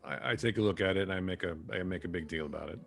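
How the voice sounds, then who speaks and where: A man's voice: low-pitched, rapid-fire, vocal fry, a bit bright. A man playing his character in a tabletop game, speaking in short turns. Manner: speaks briefly, in-character asides. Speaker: player. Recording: faint music behind.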